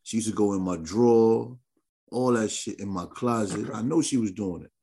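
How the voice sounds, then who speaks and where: Animated, slangy male podcast host. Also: on the low side, moderate pace. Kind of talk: casual chat.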